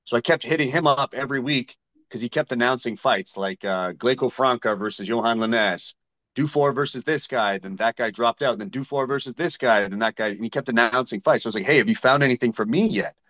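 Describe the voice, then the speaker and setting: This Canadian man, a fighter sitting in as an interview guest, has a mid-range, slightly bright voice and speaks fairly quickly. In a relaxed setting he's direct, spinning anecdotes and performing both parts of past conversations. The recording is muffled.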